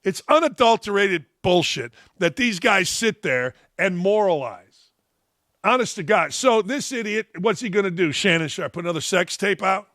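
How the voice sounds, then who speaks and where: A fired-up male sports talk host who rants with blunt, profane opinions. His voice sits high for a man and comes across forceful and sharp. It sounds dry and close to the mic. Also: animated, moderate pace, dry recording.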